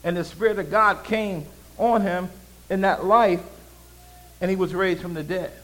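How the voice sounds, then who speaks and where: Male pastor, high voice, call-and-response preaching, shifts from loud proclaiming to quiet asides. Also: steady tone, measured pace, rough recording. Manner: swings between loud proclaiming and low conversational asides. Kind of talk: sermon.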